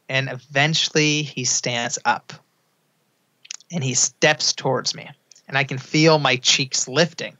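Young man, podcast guest, animated storytelling, bright tense tone, muffled low-fidelity audio. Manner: acts out quotes in a high excited voice. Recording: dull lo-fi sound.

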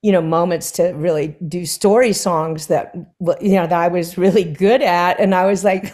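A woman singer chats as a guest on stage, with a voice sitting a little low for a woman. She tells her stories with animation. She slips into the voices of the people she quotes and laughs along the way. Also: moderate pace, hardly any pauses. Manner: animated storyteller who acts out quoted dialogue with laughs. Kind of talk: conversational anecdote telling. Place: stage conversation before an audience.

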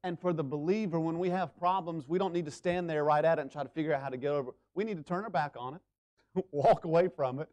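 Male pastor, high voice, church sermon; urgent and loud, then hushed and slow for emphasis. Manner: preaching with sweeping swings between loud urgency and hushed emphasis. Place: church sanctuary.

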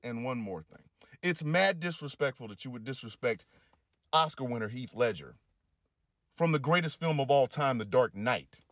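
A man delivering a heated commentary rant, swearing heavily and pushing his voice up into loud peaks. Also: medium pitch, dry recording, clean studio sound. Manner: heated, heavy swearing, rising into shouty peaks. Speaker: commentator reacting to clips. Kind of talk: profane rant.

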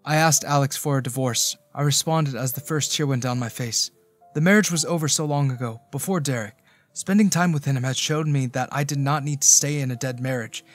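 A man narrating a first-person romance story in a steady, even reading voice. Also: medium pitch, fairly quick, soft background music.

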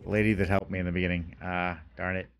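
A man commentating a video game as he plays, excitable and panicky, talking to himself, with game music behind him. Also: low voice, quick pace, vocal fry, smooth. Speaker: let's play host.

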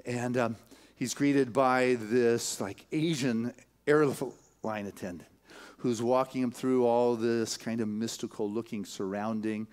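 Animated man preaching in a storytelling sermon. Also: mid-range voice, slow. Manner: animated storytelling, building emphatic repetitions; casual, filler-heavy delivery with chuckles. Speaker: spiritual leader. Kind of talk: sermon retelling a film. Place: church sanctuary.

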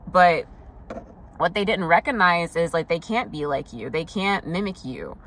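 A woman's voice: on the low side, expressive, a little slow, a bit bright, a little hiss or hum. A young woman doing a casual tarot reading, talking loosely with lots of fillers and frank swearing. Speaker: tarot reader.

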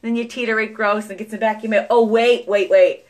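A young woman with a strong Newfoundland accent rambles through a casual vlog, swearing freely and laughing between stories. Her voice sits at an ordinary middle pitch for a woman. The talk is loose and chatty, like a mother catching friends up on her day. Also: steady tone, quick pace, a little mellow. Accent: Newfoundland English. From Newfoundland, Canada. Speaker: vlogger, mother.

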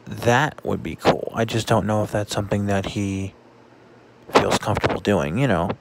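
A man talking casually in a vlog, halting often with fillers and restarts. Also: lowish voice, creaky, heavy background noise. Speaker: vlogger.

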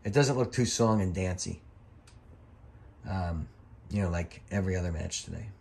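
A middle-aged former referee talks over old wrestling footage in a loose, chatty voice-over. His voice sits a little low, and he wanders from story to story. He swears casually and quickly gets fired up. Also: creaky, a little mellow. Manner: rambling, chatty, profane, quick to get worked up.

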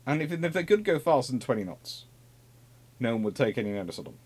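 Animated man giving a naval history lecture. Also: medium pitch, fast, breathy edge. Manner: lively, conversational, with asides and repetitions.

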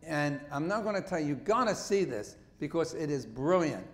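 An older man from Philadelphia with a strong Philadelphia accent, telling stories as a comedian guest in an on-stage interview before a live audience, animated and jokey with quick asides. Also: fairly high pitch, slight background noise.

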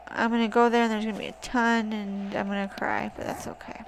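A woman's voice: mid-range voice, level tone, a little fast, creaky. Swearing woman gamer, noisy recording. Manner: swears often, chats to the zombies. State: wearing a wrist brace. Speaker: gaming channel host. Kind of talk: casual gameplay commentary.

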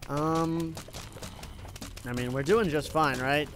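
A man's voice: on the high side, fairly even intonation, slow pace, a bit bright, a little hiss or hum. A young man giving casual gameplay commentary, addressing his viewers as "guys" and swinging between hype and gloom. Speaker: gaming YouTuber.

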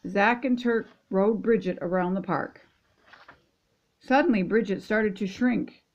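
An older woman, a grandmother reading a children's picture book aloud in gentle, steady storytelling. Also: mid-range voice, unhurried, highs cut off. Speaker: storybook reader.

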